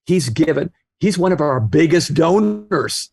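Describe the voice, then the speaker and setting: A man's voice: on the high side, sing-song, measured pace, gravelly, darkish tone, slightly rough, dry recording. Earnest man in his sixties telling stories. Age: 60s. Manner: earnest anecdotes, acts out quoted voices. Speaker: guest author. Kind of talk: storytelling interview talk.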